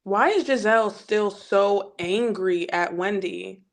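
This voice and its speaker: A woman in a casual reality-show recap chat, animated, with mocking exclamations. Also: medium pitch, slow, a loud crowd.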